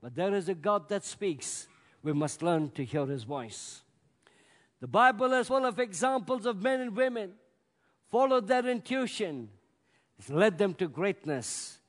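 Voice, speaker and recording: A man preaching a sermon, swinging between loud bursts and hushed, drawn-out words. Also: high voice, lively intonation. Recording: long reverb of a large hall.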